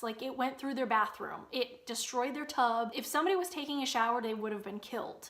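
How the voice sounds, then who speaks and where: Animated woman telling a story. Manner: animated, acts out quotes in loud high bursts. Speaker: vlogger. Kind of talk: storytelling vlog.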